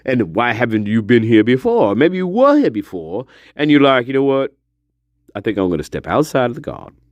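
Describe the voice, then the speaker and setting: A man's voice: mid-range voice, sing-song, fairly quick, no echo, muffled recording, pitched below the performer's own voice, close to an everyday voice. A man doing a drawling old spirit voice. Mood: mocking. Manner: drawling, profane, teasing. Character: old male spirit mocking the host.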